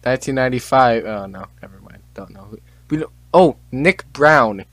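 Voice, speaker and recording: A man's voice: medium pitch, animated, moderate pace, dry recording. A teenage boy hosting a casual chat, reading out on-this-day facts, tripping over names and tossing in joking asides. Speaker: podcast host.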